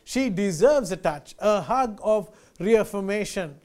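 A man's voice: high voice, animated, a little slow, darkish tone. A male pastor preaching a sermon, earnest and emphatic, repeating key phrases and addressing listeners as friends.

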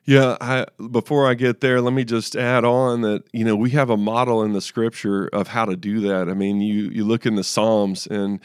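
A man's voice: on the low side, flat delivery, moderate pace, hardly any pauses, clear, resonant tone, no echo, studio quality. A man in his thirties co-hosting a faith podcast, telling personal stories in an earnest way with frequent restarts. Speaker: podcast co-host. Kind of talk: casual faith discussion.

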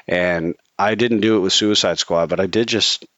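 A man's voice: sits low, normal speed, fairly bright tone, no echo, muffled recording. A man co-hosting a casual chat, opinionated and swearing freely, with many restarts. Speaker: podcast co-host.

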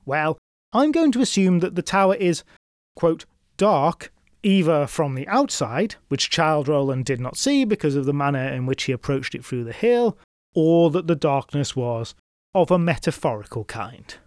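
A male storyteller reads a folk tale, building scenes with drama and tossing in wry asides. His voice sits slightly high. The recording is close and dead dry. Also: lively intonation, normal speed, darkish tone, dry recording. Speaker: storyteller host. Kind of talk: scripted folklore narration.

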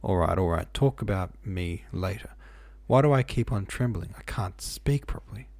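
A tormented young man speaks urgently, shaken and agitated, as a man reading a storybook puts him on. The voice is low and dark. The recording is close and dry. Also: animated, moderate pace, no room sound.

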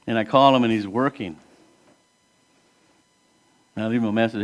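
A male pastor preaching in a relaxed, conversational way, speaking to the congregation as if to friends. His voice sits at an ordinary pitch and swings from emphatic, louder rises down to hushed, soft drops, with rhetorical questions thrown out to the room. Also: fairly quick, long pauses. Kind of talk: sermon.

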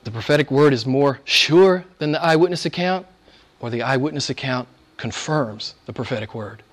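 A man's voice: mid-range voice, animated, moderate pace. A middle-aged man preaching a sermon, rising and falling emphatically as he exhorts his listeners.

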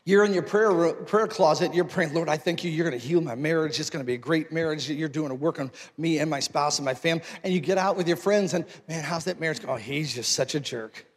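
A male pastor preaching a sermon, moving from conversational talk to forceful exhortation. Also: a little high, quick pace, few pauses, big-room sound.

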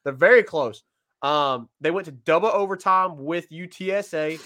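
A man with a bright, fairly high voice talks sports in a loose, chatty way. He laughs often and fills his talk with ums and you-knows as he walks through game results. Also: normal speed. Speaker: sports podcast co-host. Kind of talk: casual sports chat.

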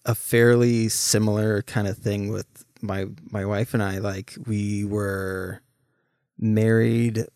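A man's voice: lowish voice, slow, clean tone, no echo. Joking young man, dry close sound. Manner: relaxed, joking, laughs at himself. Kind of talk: casual conversation.

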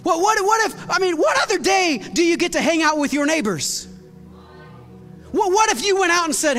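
High-voiced energetic male pastor, echoey hall. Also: normal speed, soft background music. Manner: energetic, repeats words and restarts, bursts into shouts. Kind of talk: sermon. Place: church hall with long reverb.

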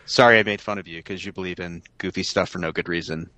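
A man's voice: low-pitched, steady tone, fast talker, sharp tone, no room sound. A man co-hosting a podcast in a casual, joking, laid-back manner. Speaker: podcast co-host. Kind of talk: casual chat.

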